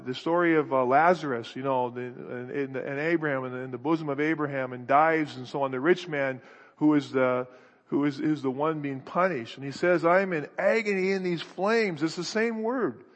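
A man's voice: a little high, normal speed. A man preaching a sermon, earnest and searching, thinking aloud with restarts, in an echoey hall.

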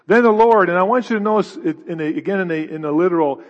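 A man's voice: high voice, fast talker, few pauses. A middle-aged man preaching a conversational sermon, often restarting his sentences. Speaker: pastor. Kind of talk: expository sermon. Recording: dull hall reverb.

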